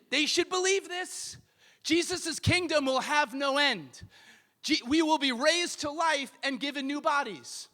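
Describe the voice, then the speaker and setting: A man preaching a sermon as pastor of a church, emphatic and building to shouted peaks. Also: extremely high pitch. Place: church sanctuary.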